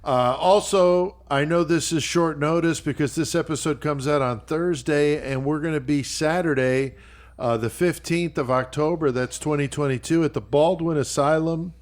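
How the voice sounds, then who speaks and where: A man's voice: fairly high pitch, moderate pace. A man hosting a podcast, reacting with laughing enthusiasm and moving the chat along. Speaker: podcast host.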